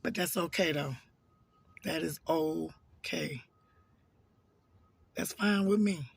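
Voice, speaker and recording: A hoarse man chattily telling viewers a story from his workday, animated and addressing them as y'all. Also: a little high, slow. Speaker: vlogger telling a work story. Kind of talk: casual storytime monologue.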